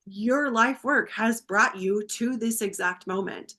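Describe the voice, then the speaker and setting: Heartfelt, expressive woman telling a personal story. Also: fairly high pitch, slow. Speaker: podcast guest.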